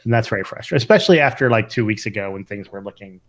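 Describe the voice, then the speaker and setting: A man's voice: fairly low pitch, animated, rapid-fire. Middle-aged male physician co-host; casual, thoughtful delivery with frequent fillers and restarts. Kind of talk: casual podcast chat.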